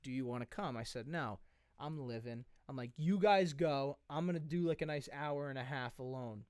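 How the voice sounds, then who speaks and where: A man's voice: medium pitch, normal speed, a little mellow, smooth, no room sound, clean studio sound. A young man in his twenties, a podcast co-host, telling a rambling story with lots of swearing. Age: 20s. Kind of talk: casual chat.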